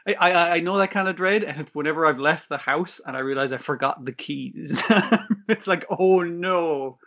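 A man's voice: on the high side, normal speed, bright, forceful tone, highs cut off. A man on a casual podcast, joking, swearing, and acting out characters' lines. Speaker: podcast co-host. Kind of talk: casual chat.

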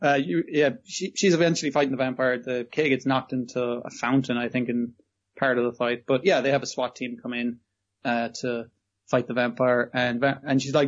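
A man's voice: medium pitch, level tone, brisk. Brief: man, podcast co-host, swears freely, exasperated recaps, dull lo-fi sound. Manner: sweary, exasperated, acts out quotes. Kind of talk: casual chat reviewing anime. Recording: dull lo-fi audio.

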